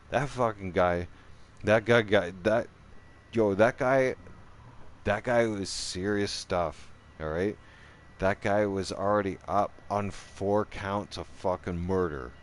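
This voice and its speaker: A man hosting his own channel, telling a rough story in casual chat. He swears a lot, rambles, restarts his sentences and keeps checking in with "right?". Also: fairly low pitch, takes it slowly.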